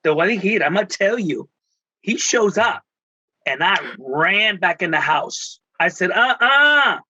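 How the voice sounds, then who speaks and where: A man from Texas, a guest speaking about his spiritual healing work, tells emotional stories in an animated, theatrical way and acts out the voices he quotes. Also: high-pitched, a little slow, husky, no room sound, dull audio. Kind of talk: emotional storytelling in conversation.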